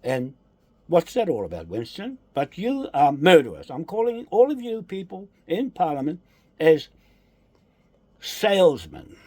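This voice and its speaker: A man's voice: on the high side, very animated, a little slow, warm tone, slightly rough, dry recording. A man delivering an angry, accusatory political rant, repeating his charges with heavy emphasis.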